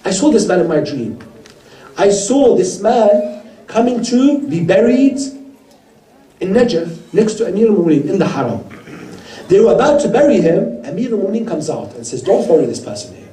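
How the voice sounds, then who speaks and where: A man's voice: high-pitched, moderate pace. A man giving a religious sermon to a gathering, telling stories earnestly and voicing the people in them. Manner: earnest storyteller, quoting others in lively voices. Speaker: speaker at a mourning gathering. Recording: roomy hall heard from a distance.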